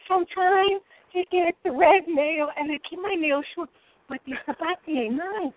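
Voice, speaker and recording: A middle-aged woman telling kitchen stories in a lively, expressive way as a guest cook. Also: very high voice, normal speed. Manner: lively, expressive, laughing storyteller. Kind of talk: animated storytelling chat. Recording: tinny phone-like line.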